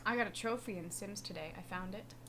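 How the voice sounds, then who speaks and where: A woman co-hosting a livestream, telling stories in a giggly, animated way. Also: mid-range voice, a little fast, noisy background. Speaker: livestream co-host. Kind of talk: casual chat.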